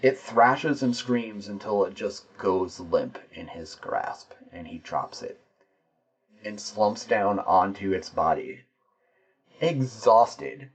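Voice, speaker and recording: Low husky guy narrating his solo tabletop game, explaining the dice, dull lo-fi audio. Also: animated, unhurried. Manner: explains dice rolls and rules aloud as he narrates.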